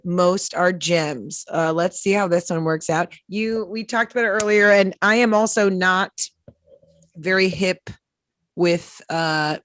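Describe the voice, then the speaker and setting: A woman's voice: on the low side, fairly bright tone, no echo. A woman comedian hosting a live music interview show, rambling with self-deprecating jokes. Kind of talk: casual live-stream hosting banter.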